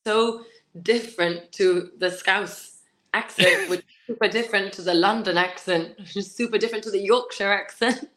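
A woman's voice: mid-range voice, moderate pace, a bit bright. A woman in her twenties with a Gibraltarian accent, chatting as an interview guest and laughing as she tells stories. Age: 20s. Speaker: pageant contestant, guest. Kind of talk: casual interview chat.

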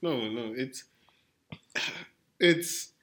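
A man's voice: mid-range voice, very slow, crowd noise. A young man co-hosting a casual chat, playful and teasing, often stammering and repeating himself. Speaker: podcast co-host. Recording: echoey room.

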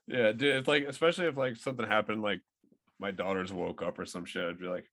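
Swearing plenty and restarting often, a thirty-something podcast co-host rambles through a casual movie review. He has a lowish, fairly bright voice and talks fairly quickly, with frequent pauses.

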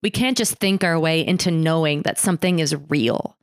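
A woman's voice: low-pitched, normal speed, clear, resonant tone, no echo. A woman hosting an interview, enthusiastic and thinking aloud as she asks her question. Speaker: podcast host. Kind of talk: casual interview chat.

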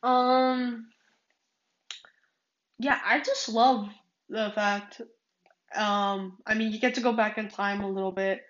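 Woman podcaster, slow rambling chat, lots of fillers, slightly muffled lo-fi sound. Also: medium pitch, echoey room. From California. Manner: rambling, many fillers and restarts. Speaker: podcast host. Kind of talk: casual solo podcast monologue.

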